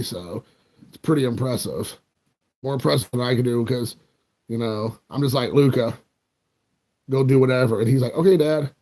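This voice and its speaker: A man's medium-pitched voice with a slightly mellow quality. The speaker, an American in his forties, runs a card collecting channel and chats loosely with viewers, wandering between jokes at his own expense.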